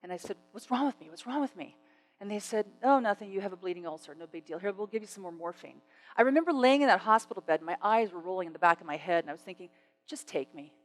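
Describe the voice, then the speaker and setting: A woman's voice: medium pitch, racing, soft background music, rough recording. A middle-aged woman giving a motivational stage talk, telling stories animatedly and acting out the dialogue. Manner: animated storytelling, acts out dialogue. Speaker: speaker. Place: stage before an audience.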